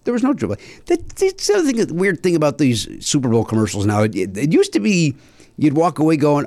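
A man co-hosting a podcast in casual chat, animated, swearing freely and rambling through asides. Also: a little high, quick pace. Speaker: podcast co-host.

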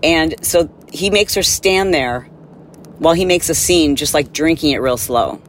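A woman hosting a podcast, telling an animated, exasperated story in a casual monologue and acting out the people in it. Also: low voice, unhurried, a little hiss or hum. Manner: animated, exasperated, acts out quotes. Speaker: podcast host.

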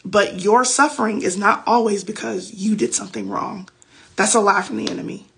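A woman's voice: mid-range voice, steady tone, moderate pace, vocal fry, fairly bright tone, slightly rough. A woman hosting a faith podcast, giving casual Bible teaching on a phone livestream in a chatty, preachy way with loose slang.

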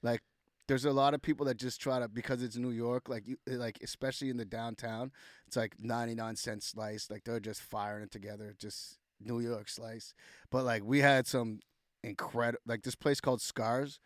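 Loose, animated young man telling stories. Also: mid-range voice, moderate pace, no echo, clean studio sound. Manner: animated, loose storytelling full of "like" and acted-out quotes. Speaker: guest rapper. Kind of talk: casual podcast storytelling.

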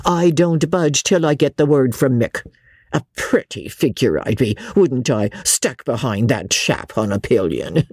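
A bold, hearty officer's wife, as a woman reader puts her on, brisk and scornful. The voice is husky and lively, with a slow, deliberate delivery. She is dry and close in an audiobook. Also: a bass voice, dry recording, exaggerated voice.

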